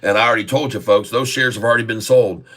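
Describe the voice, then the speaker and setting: A man hosting a casual stock-trading livestream, excitable, with whoops, laughs and rhyming banter. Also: on the low side, fast. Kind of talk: casual livestream market commentary.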